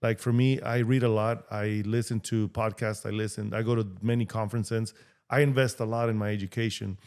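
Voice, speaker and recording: A man from Mexico, a real estate agent guesting on a podcast, telling his life story in a lively way and acting out the voices of people he quotes. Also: fairly low pitch, brisk. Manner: animated, acts out quoted dialogue. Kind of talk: storytelling interview talk.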